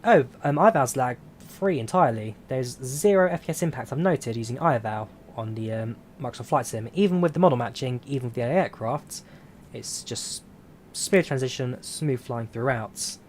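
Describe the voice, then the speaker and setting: A man streaming a flight simulator, chatting casually and answering viewer questions in a relaxed, rambling way. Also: mid-range voice, moderate pace, a little hiss or hum. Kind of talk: casual live-stream chat.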